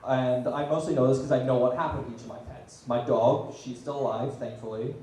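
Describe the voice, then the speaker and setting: A young man doing a stand-up comedy set, dropping deadpan asides and loud punchlines. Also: mid-range voice, brisk, recorded from a distance. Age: young adult. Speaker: student stand-up comic. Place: small comedy venue, audience laughing. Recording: very echoey room, heard from afar.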